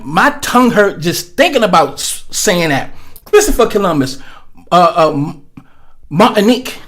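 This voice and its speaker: High-voiced man ranting with profanity. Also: a bit bright. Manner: blunt, profane, rambling with many fillers. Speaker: livestream host. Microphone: webcam setup.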